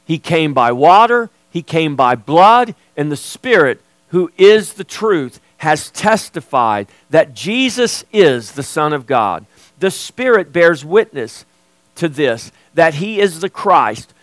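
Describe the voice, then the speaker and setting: A man's voice: a little high, no echo. A man preaching an expository sermon as pastor, earnest and emphatic.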